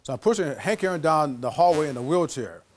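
A man giving a lecture as an animated storyteller, acting out the voices of the people in his anecdote. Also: on the high side, brisk, a little hiss or hum. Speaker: guest lecturer.

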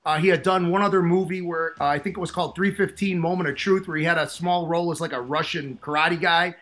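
A man with a thick Chicago accent, co-hosting a casual movie chat and telling a film story in a jokey, animated way. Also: a little high, fast talker. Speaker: co-host.

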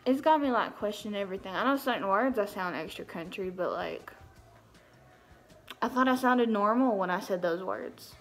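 A woman's voice: mid-range voice, animated, normal speed, faint music behind. A young woman with a thick Southern country accent chatting casually at home about her day. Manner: chatty, drawling, self-deprecating. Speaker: vlogger. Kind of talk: casual chat.

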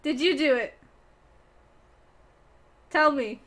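A woman's voice: high voice, slow, fairly bright tone. A young woman streaming a game, chatting playfully with teammates and chat and often breaking into giggles. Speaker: gaming streamer. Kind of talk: casual gameplay commentary.

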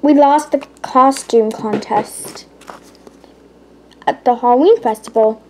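A woman's voice: a little high, slow, a little hiss or hum. A woman reading a children's chapter book aloud, carefully, with stumbles and self-corrections. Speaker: channel host.

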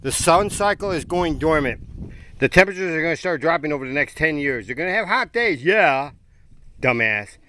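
A man's voice: fairly high pitch, expressive, normal speed, sharp tone. Angry male vlogger, cursing nonstop, outdoor rant, faint background noise. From United States. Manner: furious, profane, sneering mockery. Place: outdoors in strong wind.

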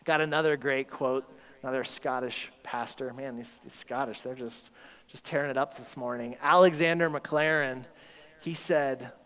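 A man's voice: mid-range voice, steady tone, moderate pace, fairly bright tone. A man preaching a sermon at a school chapel service, emphatic, with rhetorical questions and acted-out inner voices. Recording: long hall reverb.

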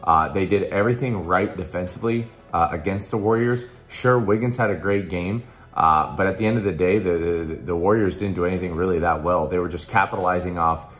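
A man with a very low voice makes a hyped, pushy pitch for his betting picks. His voice is a little hoarse, and he talks loosely, with plenty of fillers and restarts. Faint music plays underneath. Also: brisk, fairly bright tone. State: slightly hoarse. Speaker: sports betting tipster. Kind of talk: casual promotional pitch.

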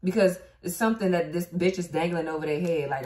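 A blunt, foul-mouthed woman runs through a tarot reading in a casual, talky way. Her voice sits on the low side, and the room gives it a noticeable echo. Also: fast, warm tone. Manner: blunt and profane, laughing, talking back to the cards. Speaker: tarot reader.

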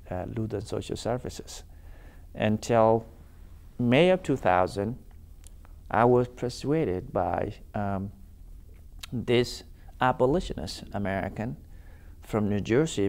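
A man in his thirties with a low, gravelly voice. He speaks as an interview guest, in a deliberate, halting way with pauses and filler sounds. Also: a little mellow. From South Sudan. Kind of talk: interview storytelling.

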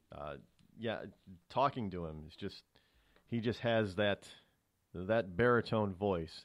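A man's voice: deep voice, dry recording, clean studio sound. A male radio talk show host talking alone on air, rambling with many fillers and restarts. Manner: grows heated and emphatic on politics. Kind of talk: solo talk radio commentary.

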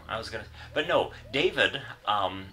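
A man's voice: on the low side, lively intonation, moderate pace, bright, forceful tone. A man co-hosting a let's play, swearing freely and rambling through a joke over the game. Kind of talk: casual gaming banter.

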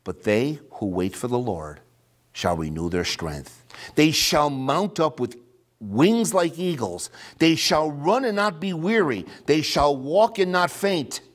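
Preacher man with a lively swinging pitch. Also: slow. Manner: swings from loud emphatic reading to hushed near-whisper. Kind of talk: sermon.

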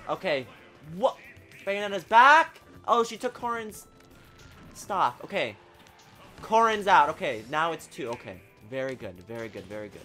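Male gamer, excitable play-by-play, slightly high voice, bursts from mutters into yells. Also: moderate pace, soft background music. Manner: excitable, talks at the game, swings from mutters to shouts. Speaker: gaming channel host. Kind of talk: live gameplay commentary.

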